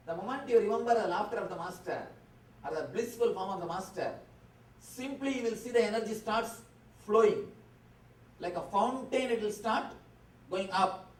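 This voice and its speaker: A man as a spiritual teacher leading a guided meditation in a convention hall, giving calm instructions in slow, short phrases. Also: high-pitched, a little hiss or hum. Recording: roomy hall, distant mic, faint ambience.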